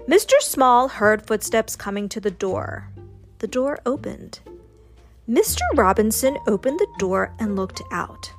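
A woman reading a children's storybook aloud in a slow, gentle, expressive way. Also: a little high, faint music behind. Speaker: storybook narrator.

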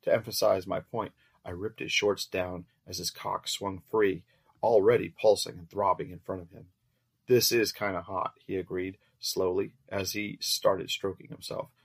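A man reading a first-person story aloud as narrator in a steady, measured way. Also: low-pitched, gravelly, husky.

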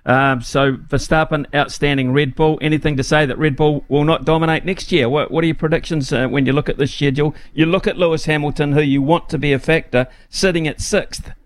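A man hosting a casual chat, unhurried and with many fillers. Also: on the high side, steady tone, no room sound. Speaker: host.

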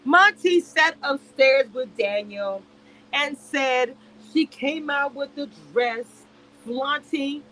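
A woman's voice: high-pitched, slow pace, sharp tone, a little hiss or hum, rough recording. A woman reviewing a reality show on a live stream, speaking in a heated, emphatic way and repeating herself. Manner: emphatic and repetitive, heated and exasperated. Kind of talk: casual live-stream commentary rant.

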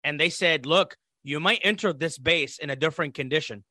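A man's voice: a little high, fairly quick, no echo, studio quality. A man from Iraq, a podcast guest, telling a story in casual conversation and acting out the voices of others. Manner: animated, acts out quoted voices. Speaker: interview guest.

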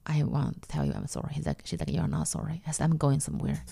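Gravelly-voiced woman from China. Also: extremely low pitch, big pitch swings, warm tone, no room sound, clean studio sound. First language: Mandarin Chinese. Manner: blunt, halting, acts out quoted voices. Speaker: guest comedian. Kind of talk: candid personal storytelling.

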